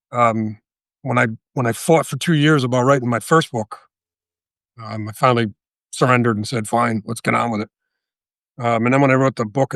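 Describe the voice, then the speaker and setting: A man in his sixties, a guest telling a story in a casual interview, animated and profane, often checking with "right?". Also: mid-range voice, dry recording, clean studio sound. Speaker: guest, author and veteran.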